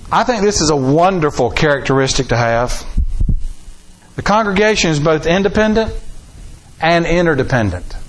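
Animated high-voiced preacher man. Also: moderate pace, pauses often, poor audio. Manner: folksy, animated preaching with rising emphasis. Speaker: pastor. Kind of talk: sermon.

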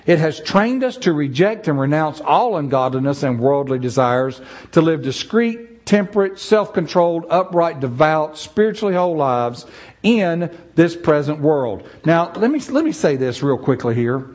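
A man preaching a sermon in a church, animated and acting out the voices of the people he quotes. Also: fairly high pitch, normal speed.

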